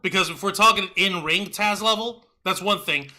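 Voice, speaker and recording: Excitable male podcast co-host, piercing bright tone. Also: sits high, low-quality recording. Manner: excitable, profane, quick to shout and laugh. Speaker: wrestling review co-host. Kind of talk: casual podcast chat.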